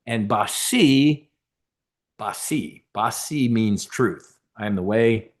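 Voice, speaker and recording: A man's voice: lowish voice, expressive, slow. Rambling, emphatic man hosting a live webinar. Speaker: webinar host. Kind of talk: casual live webinar talk.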